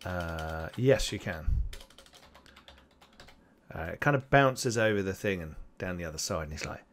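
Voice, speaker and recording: A man narrating as game master of a tabletop role-playing game, pausing often with ums. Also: deep voice, fairly bright tone. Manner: hesitant, full of ums and restarts.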